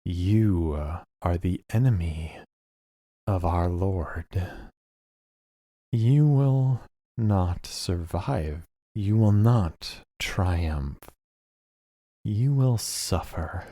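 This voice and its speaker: A man voicing a young woman possessed by a wraith, speaking in a slow, hushed, threatening way. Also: low-pitched, lively intonation, dry recording, studio quality, heavily acted. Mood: menacing.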